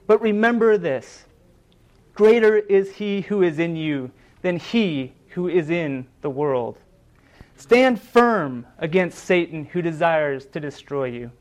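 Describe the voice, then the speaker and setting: Male preacher, fairly high voice, earnest sermon delivery, dramatic storytelling. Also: slow pace. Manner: earnest, dramatic retelling of scripture with emphatic quoted lines.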